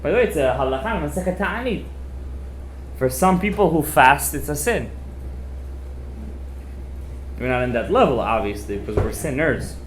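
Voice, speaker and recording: A man who is a rabbi, telling a Torah story at a festive meal, animated and acting out the voices, sprinkling Hebrew and Yiddish words into casual English. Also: on the high side, brisk, slight background noise. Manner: animated, acts out the quoted voices. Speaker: rabbi giving a Torah talk.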